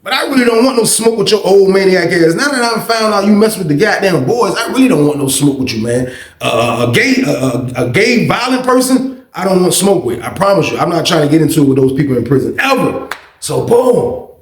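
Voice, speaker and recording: A man tells a prison story with animated, profane energy and lots of acted quotes. His voice is gravelly and a bit high. The room sounds echoey. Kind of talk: casual storytime.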